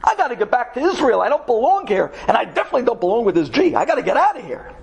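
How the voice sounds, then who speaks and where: A man's voice: very high-pitched, very animated, very fast, gravelly, husky, pitched above the performer's own voice, full character voice. A man voicing a panicked young Israeli man who cries out and pleads in desperation. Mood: panicky.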